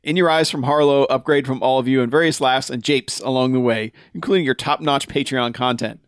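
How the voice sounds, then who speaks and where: A man's voice: medium pitch, fairly even intonation, a little fast, dry recording, clean studio sound. A man co-hosting a podcast, reading listener emails aloud, laughing often and swearing casually. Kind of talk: casual chat.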